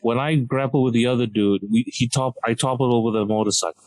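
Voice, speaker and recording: Guy spinning a funny story on a podcast, lively, laughs as he talks, mid-pitched voice. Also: fast, dry recording, low-quality recording. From Malaysia. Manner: animated, laughs mid-sentence, self-mocking. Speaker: podcast guest, comedian. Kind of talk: comedic storytelling.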